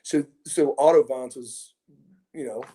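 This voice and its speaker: Mellow-voiced man telling rambling stories. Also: mid-range voice, steady tone, unhurried. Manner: rambling, repeats words and restarts, chuckles between stories. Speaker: interview guest, former pro wrestler. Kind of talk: casual anecdotal storytelling.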